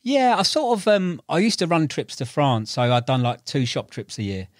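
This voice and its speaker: A young Englishman telling lively stories in relaxed chat, laughing as he goes and acting out the voices of the people in them. His voice sits at an average pitch, and it comes through close and dry on a podcast mic. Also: normal speed, no echo. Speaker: podcast guest, tackle shop owner and angler. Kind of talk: casual storytelling chat.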